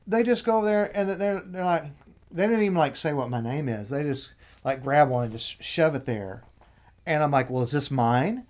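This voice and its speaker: A man telling an anecdote in casual chat, annoyed, animated, acting out what people said. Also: a little high, normal speed. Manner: animated retelling, acts out quotes.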